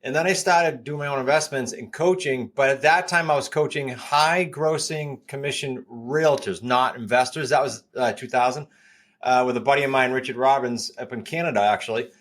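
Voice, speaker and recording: Brisk middle-aged man. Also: mid-range voice, fairly bright tone. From Boston area, New England. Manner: brisk, direct, matter-of-fact. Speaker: guest, real estate coach. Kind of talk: podcast interview.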